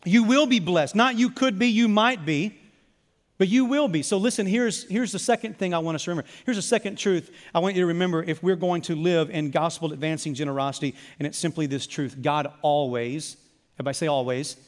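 A man preaching a sermon as pastor, telling animated stories and calling on the congregation to repeat after him. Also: fairly high pitch, fairly quick. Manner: animated storytelling, calls for congregation responses. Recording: long hall reverb.

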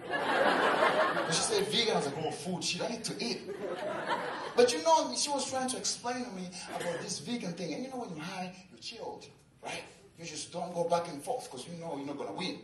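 A young man from Tanzania doing stand-up, telling a story in an animated way, acting out quotes and often laughing as he talks. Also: high voice, a little fast. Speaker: stand-up comedian. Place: large venue with live audience. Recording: echoey live venue, distant mic, loud crowd and noise.

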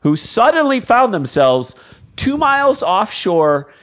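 A man's voice: sits high, very animated, slow pace, a bit bright. A man co-hosting a comedy podcast, trading dry jokes about a news story. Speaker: podcast co-host.

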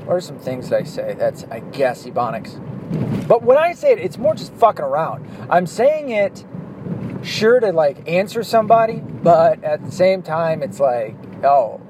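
A man's voice: a little high, big pitch swings, normal speed. Profane man ranting in a car. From Southern US, Arkansas. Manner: profane, blunt, opinionated. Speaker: vlogger. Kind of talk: ranting monologue while driving. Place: inside a car, driving. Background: faint car and street noise.

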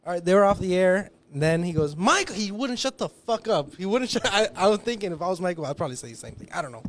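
A man hosts a podcast in a studio, his voice sitting a little high for a man. He tells stories loud and profane, shouting out quoted lines and breaking into laughter. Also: animated, fast talker. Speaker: podcast host telling a story. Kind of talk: casual podcast chat.

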